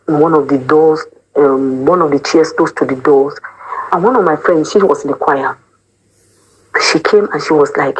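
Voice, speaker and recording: A woman's voice: low voice, breathy edge, low-quality recording. A young woman from Cameroon, giving an emotional personal testimony about her time in a church choir, acting out what other people said and mixing pidgin words into her English. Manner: animated storyteller who acts out the quoted speech of others. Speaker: former church choir member.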